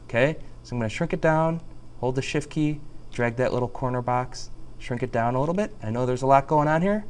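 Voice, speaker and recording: A man teaching a software tutorial over a screen recording, chatty and jokey, talking through each click. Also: mid-range voice, brisk, slight background noise.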